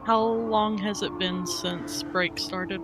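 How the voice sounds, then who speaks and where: A woman's voice: mid-range voice, fairly even intonation, takes it slowly, gravelly, over music. A woman player in a tabletop role-playing game, chatting playfully and describing what her character does. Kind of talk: casual tabletop play.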